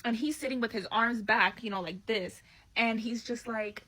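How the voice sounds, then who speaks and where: A young woman telling a dating story in a casual vlog, animated, slangy and profane, acting out what people said. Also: a little high, moderate pace, poor audio.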